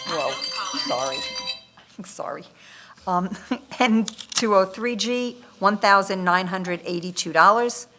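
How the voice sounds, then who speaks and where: A woman reading bid amounts aloud at a town bid opening, listing item codes and dollar figures in a steady, methodical way. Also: medium pitch. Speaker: municipal official reading bids. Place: town government meeting room.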